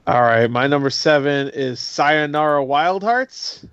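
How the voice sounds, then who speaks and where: Casual, laughing man with a higher voice. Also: expressive, a little slow, a bit bright, smooth, no room sound, dull audio. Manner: laughing, loose, swears freely. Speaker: co-host. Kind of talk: casual chat.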